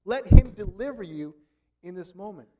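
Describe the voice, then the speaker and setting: No-nonsense ancient leader, firm and casual, scolding in a modern way, voiced by a preacher. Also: male voice, high voice, expressive, moderate pace, warm tone. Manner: casual, firm, telling people off.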